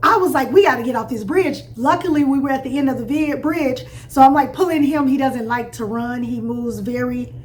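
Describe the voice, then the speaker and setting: A woman from Chicago co-hosting a travel vlog, telling travel stories in a high-energy, animated way. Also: moderate pace, few pauses, a little hiss or hum. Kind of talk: casual travel chat.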